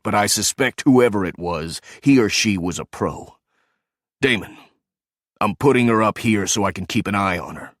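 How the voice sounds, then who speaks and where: A gruff, weary older boss, as a male narrator plays him, blunt and crude. His voice is low and dry. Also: no echo.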